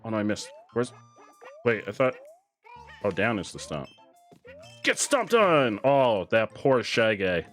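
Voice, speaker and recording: A man's voice: fairly low pitch, measured pace, pauses often. A man casually commenting on a video game as he plays, joking and reading the on-screen text aloud. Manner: animated, jokey, reads game text aloud. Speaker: streamer. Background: faint game music.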